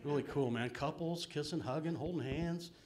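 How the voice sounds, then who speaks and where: A middle-aged man working a small club stage with a slightly high voice. He rambles through his stories in a loose, self-deprecating way, tossing in "man" and "um" constantly. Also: normal speed, a little mellow, slight background noise. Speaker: stand-up comedian. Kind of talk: live stand-up set. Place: small comedy venue with live audience.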